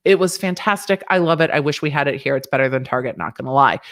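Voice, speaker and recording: A woman's voice: on the low side, sing-song, fast talker, few pauses. A woman hosting a casual livestream about a legal case, chatty and sassy with joking asides. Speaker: legal commentary host.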